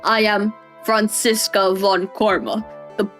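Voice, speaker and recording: A woman voicing an arrogant young female prosecutor in a video game, attempting a poor German accent with slow, proud declarations. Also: mid-range voice, fairly even intonation, fairly bright tone, faint music behind. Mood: haughty. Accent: poor imitation of a German accent.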